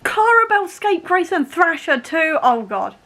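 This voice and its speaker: Young woman, book vlogger, bright higher voice, emotional, laughing through tears, casual chat. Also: expressive, normal speed. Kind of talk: casual reading vlog.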